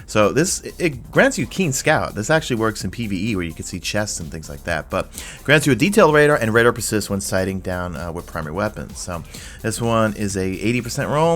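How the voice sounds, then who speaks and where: A man's voice: on the low side, a bit bright. A young man giving casual game commentary as a gaming YouTuber, rambling and self-amused, sleepy after staying up all night.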